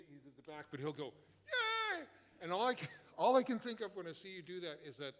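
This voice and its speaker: A singer-songwriter joking and chatting with a live audience from the concert stage. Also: male voice, fairly high pitch, a bit bright, long reverb tail. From Alberta, Canada.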